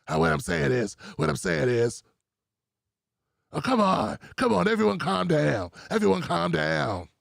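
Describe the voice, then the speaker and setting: A man's voice: fairly high pitch, big pitch swings, measured pace, gravelly, no room sound, clean studio sound, voice pushed down, full character voice. A man doing a flustered older woman, rambling. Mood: smug. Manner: rambling, repeating herself.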